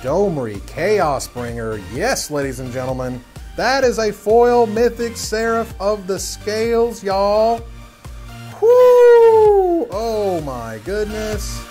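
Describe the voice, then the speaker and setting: A woman's voice: medium pitch, expressive, slow, darkish tone, soft background music. A woman hosting a live stream, hyped up and whooping, calling the viewers y'all as she opens card packs.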